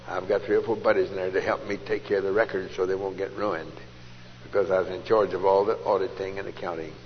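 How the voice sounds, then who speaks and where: Folksy preacher on an old tape. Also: male voice, sits low, flat delivery, fast talker. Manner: folksy storytelling, swings from loud outbursts to hushed asides. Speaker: preacher giving testimony. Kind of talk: testimony sermon. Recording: dull old tape recording in a large hall, faint hiss.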